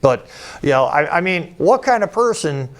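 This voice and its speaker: A man's voice: a little high, big pitch swings, normal speed. A man giving an informal, rambling lecture over slides as a political commentator, often restarting his sentences and adding wry asides. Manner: rambling, digressive, with frequent restarts.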